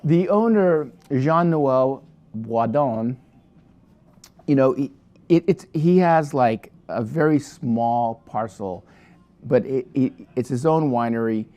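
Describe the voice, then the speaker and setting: A man's voice: mid-range voice, takes it slowly, mellow, dull audio. A man presenting a wine for his shop in a casual, rambling review full of digressions and restarts.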